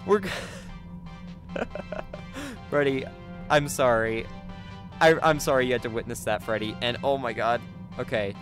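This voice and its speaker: A man giving let's play commentary, jumpy and excitable, gasping and yelping at scares. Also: medium pitch, moderate pace, music in the background. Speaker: gaming YouTuber.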